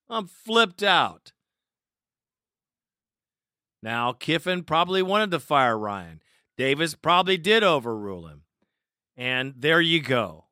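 A man's voice: a little high, very animated, a little slow, pauses often, bright, forceful tone, no room sound, clean studio sound. A man hosting a sports talk show, ranting in a heated, profane way and taking listener calls. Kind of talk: angry fan talk show rant.

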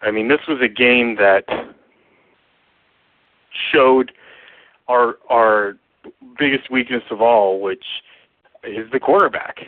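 A man leaving a furious, profane voicemail, slow and emphatic in his anger. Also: mid-range voice, dry recording. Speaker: caller. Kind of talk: voicemail rant. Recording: tinny phone line, dry.

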